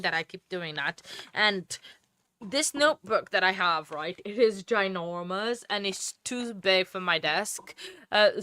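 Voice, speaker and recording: Woman host, bright voice, dry close mic, tired, chatty crime-stream commentary. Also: mid-range voice, dry recording. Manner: chatty, rambling, apologetic asides. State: tired, yawning. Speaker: true crime livestream host. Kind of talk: casual commentary on a court livestream.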